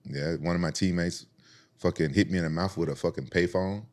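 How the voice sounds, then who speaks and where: A man's voice: low-pitched, a little fast. A man from Memphis, telling stories casually and profanely on a podcast, acting out the other people's voices. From Memphis, United States. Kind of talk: casual storytelling.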